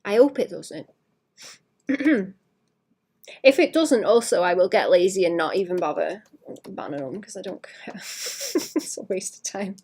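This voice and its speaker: Woman art streamer, mid-pitched, casual and rambling, often sinks into quiet murmurs. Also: expressive, measured pace, pauses often, slightly rough. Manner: rambling, chatty, trails off mid-thought. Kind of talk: casual live-stream chat while drawing.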